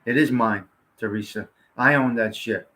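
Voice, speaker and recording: A man talks straight to his livestream viewers, rambling and swearing freely. His voice is bright and forward, sitting at an ordinary middle pitch. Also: moderate pace, a little hiss or hum. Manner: blunt, rambling, salty-mouthed. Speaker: livestream host. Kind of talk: casual livestream chat to viewers.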